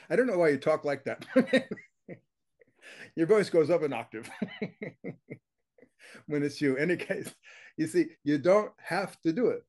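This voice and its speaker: Emphatic older man, higher-pitched voice. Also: animated, slow, long pauses, darkish tone. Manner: emphatic, blunt, with frequent laughs and rhetorical check-ins. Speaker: consciousness teacher, guest. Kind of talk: conversational interview teaching.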